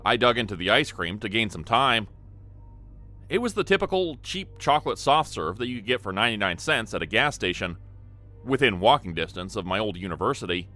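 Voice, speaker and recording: Man narrating a scary story, bright voice. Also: mid-range voice, sing-song, brisk, soft background music. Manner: earnest, first-person storytelling. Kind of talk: scripted horror story narration.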